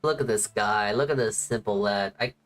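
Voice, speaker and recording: Woman, low voice, rambling casual streamer chat, soft music bed underneath. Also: moderate pace. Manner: rambling, restarts sentences. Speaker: VTuber streamer. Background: faint background music.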